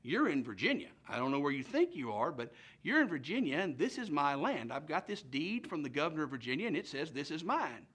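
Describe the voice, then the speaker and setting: A man's voice: fairly high pitch, sing-song, a little fast, few pauses, a bit bright, slightly rough, full character voice. A man voicing an indignant young colonial landowner in a history lesson, insistent in tone.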